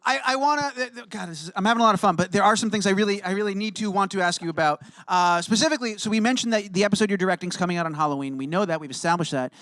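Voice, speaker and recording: A man hosts an interview, firing off eager questions at a very fast clip and tripping over his own restarts. His voice sits high for a man. The sound is close and dry. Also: fairly bright tone, no room sound. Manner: quick, stumbling, enthusiastic questions with restarts. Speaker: interview host. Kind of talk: casual interview chat.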